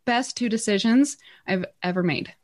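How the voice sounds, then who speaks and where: Brief: middle-aged woman, fairly high voice, animated and earnest storyteller, podcast guest. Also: normal speed. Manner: animated, earnest, acts out quotes. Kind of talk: personal storytelling.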